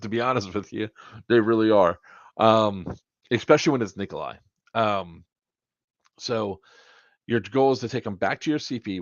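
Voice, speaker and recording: A man's voice: lowish voice, no echo. A man organizing an event, briefing players on the rules in a casual, rambling and blunt way, with some swearing. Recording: dull lo-fi dry sound.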